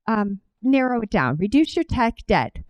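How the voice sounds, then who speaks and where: A woman's voice: fairly high pitch, very animated, normal speed, dry recording, highs cut off. A middle-aged woman with a Cleveland accent giving a conference talk, telling a personal story and speaking directly to the audience. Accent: Cleveland, Ohio. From Cleveland, Ohio.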